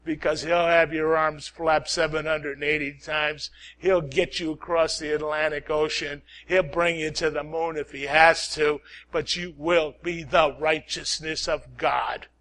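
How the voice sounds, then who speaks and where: A man preaching a sermon, swinging from loud calls to hushed prayer, repeating lines and asking "Amen?". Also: a little high, flat delivery, unhurried, hardly any pauses.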